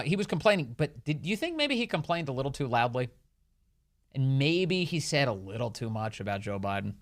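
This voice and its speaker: Lively sarcastic male radio host. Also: mid-range voice. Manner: sarcastic, mocking impressions, reads news aloud. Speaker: radio talk show host. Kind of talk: conservative talk radio monologue. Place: radio studio. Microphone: studio microphone.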